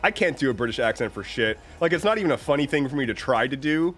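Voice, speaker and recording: A young man with a deep voice, getting over an illness, chatting casually as a livestream host and reading out viewer comments, rambling with many restarts and fillers. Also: animated, quick pace, a bit bright, soft background music. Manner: rambling, self-interrupting, lots of "like" and restarts.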